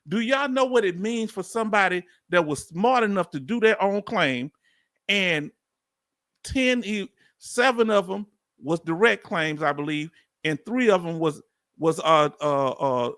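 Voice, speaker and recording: A man's voice: sits high, dry recording, clean studio sound. A middle-aged man from Houston with a Southern accent, commenting casually on a livestream and calling out to his viewers. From Houston, Texas. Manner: animated preacher-like call and response. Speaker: veteran YouTube host.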